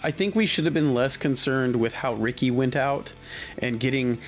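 A man's voice: mid-range voice, moderate pace, soft background music. Rambling man hosting a chat podcast. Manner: rambling, many restarts and fillers. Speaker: podcast host. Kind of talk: casual chat.

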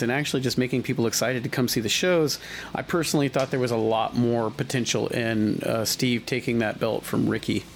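A man's voice: mid-range voice, a little hiss or hum. A man hosting a casual podcast chat, talking in long rambling stretches full of restarts and fillers. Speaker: podcast host.

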